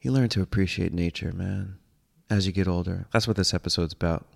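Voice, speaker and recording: A man's voice: deep voice, fairly even intonation, fairly quick, gravelly. A man, hosting a casual comedic monologue in a rambling, profane, self-mocking way. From United States. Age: 30s. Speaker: podcast host.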